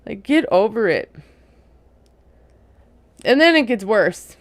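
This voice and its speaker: A woman giving a casual, opinionated recap of a reality TV episode, chatty and quick to laugh. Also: mid-range voice, very animated, no echo.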